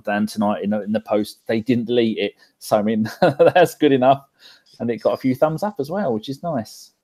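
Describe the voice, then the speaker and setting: A man's voice: lowish voice, mellow. A man, a panelist on a casual football podcast, teasing and joking with his co-hosts. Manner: jokey, teasing banter.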